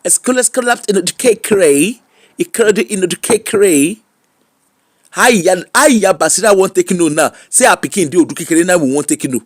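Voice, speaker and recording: A Nigerian man delivering animated comic commentary while he streams, mixing in Pidgin. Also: high voice, a little fast, no echo, studio quality. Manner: animated, mixes Pidgin and Yoruba.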